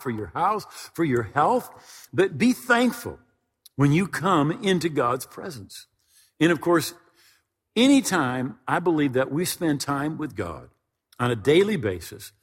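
Husky-voiced man preaching in a hall. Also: a little high. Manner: conversational preaching with frequent word repetitions. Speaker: pastor. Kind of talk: sermon. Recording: reverberant hall.

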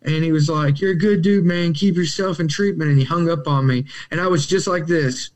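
Animated man telling his story. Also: a little high, fairly quick. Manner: animated storyteller, acts out quotes, laughs often. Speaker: podcast guest in recovery. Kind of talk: storytelling in casual conversation.

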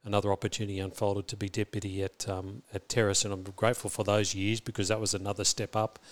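Australian man, middle-aged, lowish voice, reflective interview talk, halting restarts. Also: little pitch movement. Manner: thoughtful, many restarts and repeats. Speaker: school principal.

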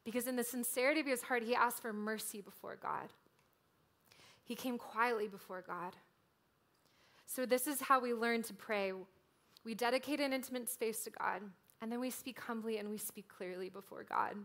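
A woman preaching a sermon in a casual, conversational way, often filling pauses with "like". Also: on the high side, a bit bright. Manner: conversational, frequent "like" fillers.

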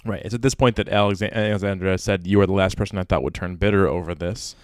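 A man's voice: low voice, fairly even intonation, fast talker, smooth, dry recording. A man co-hosting a casual book discussion podcast, joking with playful wordplay and reading passages aloud. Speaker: podcast co-host.

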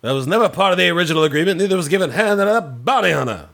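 Brief: a man hamming up a suave space smuggler, drawn-out lines, lively rising and falling pitch. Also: vocal fry, heavily acted. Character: smooth-talking suave male smuggler administrator.

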